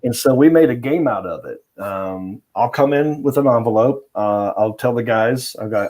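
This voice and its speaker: A man's voice: mid-range voice, normal speed, few pauses, a little mellow. A comedian guest telling a story in a casual chat, laughing often as he goes.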